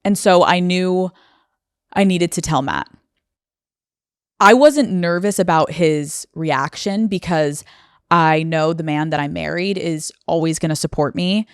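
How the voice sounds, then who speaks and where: A young woman hosts a solo podcast from a studio and talks about something personal. Her voice sits fairly low and comes through smooth and clear on a dry, close studio mic. She sounds emotional and confessional, close to tears. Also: measured pace, dry recording. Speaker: podcast host. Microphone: studio microphone.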